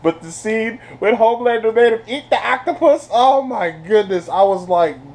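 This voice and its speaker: A man giving a casual spoiler review of a TV series. He laughs often, talks in slang and sounds animated. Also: sits high, moderate pace, few pauses. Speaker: TV show reviewer.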